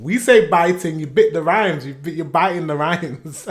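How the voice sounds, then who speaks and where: A man's voice: fairly high pitch, normal speed. Chatty man reacting. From Yorkshire, England. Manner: chatty and rambling, with frequent self-corrections and chuckles. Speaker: reaction video host. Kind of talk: casual reaction commentary.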